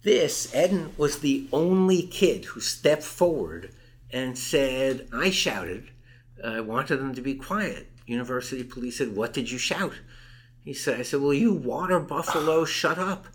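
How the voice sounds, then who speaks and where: Older male guest, mid-pitched, emphatic storyteller who voices the people he quotes. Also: expressive, measured pace. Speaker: interview guest. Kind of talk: recounting a campus case in conversation.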